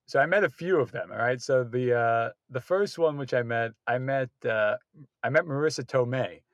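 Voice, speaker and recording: A man's voice: medium pitch, moderate pace, no room sound, dull audio. Rambling man telling stories, dry close sound. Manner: rambling, self-interrupting anecdotes with loud acted quotes. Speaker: guest comedy writer. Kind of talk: casual storytelling chat.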